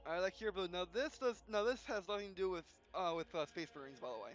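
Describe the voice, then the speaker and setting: A man hosting a gameplay video, reading tutorial text aloud with halting restarts and yawns. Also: high-pitched, lively intonation, highs cut off. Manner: halting, frequent restarts, yawning. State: yawning.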